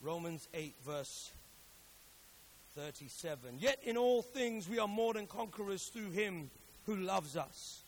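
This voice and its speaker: High-voiced man preaching a sermon. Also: animated, measured pace, a little hiss or hum. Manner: swings from hushed storytelling to loud emphatic exhortation; repeats phrases for emphasis.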